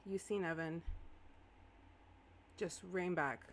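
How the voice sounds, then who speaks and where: A woman game master narrating a live-streamed tabletop role-playing game, animated and exclaiming often. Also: fairly low pitch, slow, slight background noise.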